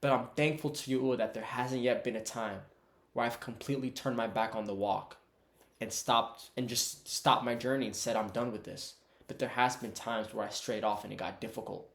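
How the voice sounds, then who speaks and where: A man's voice: mid-range voice, fairly even intonation, moderate pace, reverberant. A man giving a casual, conversational Bible teaching online and calling his viewers "bro". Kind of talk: casual preaching to camera.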